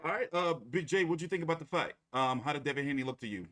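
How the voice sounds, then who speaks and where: A man's voice: fairly high pitch, expressive, quick pace, a bit bright. A man hosting a boxing podcast, rambling in casual chat. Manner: rambling, many fillers and restarts.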